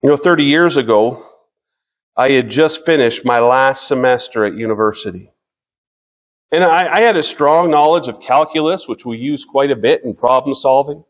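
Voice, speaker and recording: A man in his fifties preaching a sermon as pastor, earnest, slowing down to read scripture and often restarting his sentences. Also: medium pitch.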